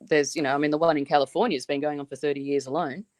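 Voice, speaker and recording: A woman's voice: low-pitched, fairly even intonation, rapid-fire, no echo. An Australian woman chatting easily as a guest on a podcast. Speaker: podcast guest, weather show creator. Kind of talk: casual chat.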